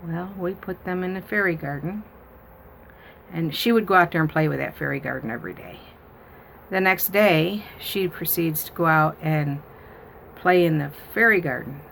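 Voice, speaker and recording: Low, gravelly woman telling stories. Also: moderate pace, a little hiss or hum. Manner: rambling, chatty, full of fillers. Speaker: grandmother and channel host. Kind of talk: casual storytelling to viewers.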